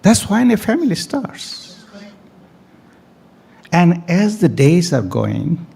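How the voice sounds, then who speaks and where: Speaking slowly in a high, very animated voice that's creaky and mellow with a breathy edge, a man addresses the crowd in an event hall at a family day. He drives his points home by repeating key phrases and drawing out words.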